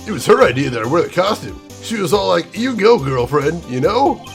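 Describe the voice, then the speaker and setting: A man's voice: sits high, very animated, brisk, vocal fry, faint music behind, pitched above the performer's own voice, full character voice. Man doing a goofy lovesick dude.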